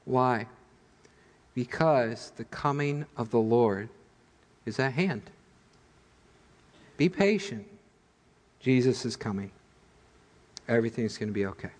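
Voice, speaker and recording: A man preaching a sermon as pastor, telling stories in an animated, humorous way. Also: mid-range voice, slow pace, long pauses, big-room sound. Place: church sanctuary.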